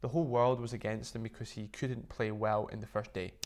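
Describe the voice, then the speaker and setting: A man being interviewed as a guest, telling stories in a lively way and filling his speech with "like". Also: fairly low pitch, a little fast. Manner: animated storytelling, full of "like" fillers. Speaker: interview guest, business owner. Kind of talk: casual interview chat.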